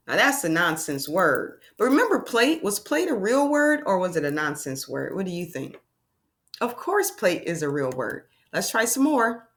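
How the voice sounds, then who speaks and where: A woman's voice: on the low side, sing-song, moderate pace. A woman teaching a phonics lesson to young children, sounding out letters and making playful exclamations.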